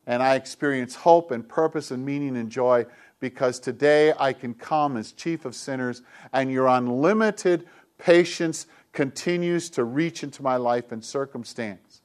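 A middle-aged male pastor preaching a sermon with an emphatic, repetitive cadence, dropping at times into soft, hushed tones. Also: medium pitch, moderate pace. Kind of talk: sermon to a congregation with kids.

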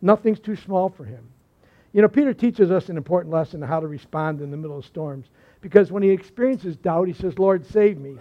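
A pastor preaching a sermon, swinging between forceful emphasis and hushed, soft lines. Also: male voice, high-pitched, brisk, highs cut off.

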